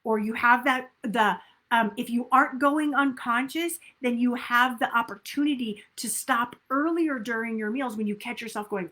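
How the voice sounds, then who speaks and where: A woman's voice: on the high side, normal speed, few pauses, bright, forceful tone. A woman weight loss coach giving an upbeat, emphatic motivational talk and acting out inner self-talk.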